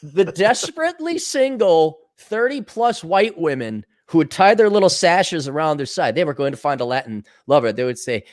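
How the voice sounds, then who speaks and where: Animated, profane man bantering. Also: on the high side, normal speed, hardly any pauses. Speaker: podcast co-host. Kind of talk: casual banter.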